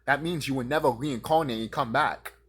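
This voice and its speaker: A man delivering a profane, confrontational rant straight at his audience, now and then mocking his critics in a higher voice. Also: fairly quick, a bit bright, breathy edge. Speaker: vlogger ranting to camera.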